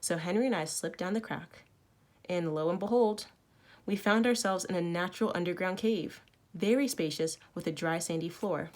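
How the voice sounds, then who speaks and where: Teacher read-aloud: a woman with a lowish voice, expressive, corrects her own slips. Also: moderate pace. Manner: expressive, with small self-corrections. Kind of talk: reading a novel aloud to students. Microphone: recorded at home for online learning.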